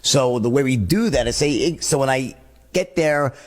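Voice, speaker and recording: A man's voice: medium pitch, moderate pace. A man teaching a sales lesson, switching in and out of both sides of a sales call as he explains it. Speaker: sales trainer.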